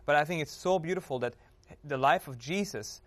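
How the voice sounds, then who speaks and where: A man talking earnestly in a relaxed group Bible discussion. He quotes scripture and pads it with "you know" and "right?". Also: a little high, brisk. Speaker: panel member.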